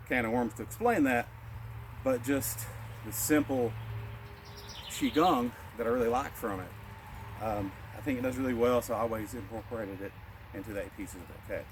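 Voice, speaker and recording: A man teaching a qigong session in a calm, steady voice, counting breaths and walking through each move. His pitch sits in an ordinary middle range. Faint outdoor ambience with birds runs softly behind him. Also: noisy background. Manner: calm cueing of breaths, relaxed explaining. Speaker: martial arts instructor. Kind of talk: guided qigong class instruction.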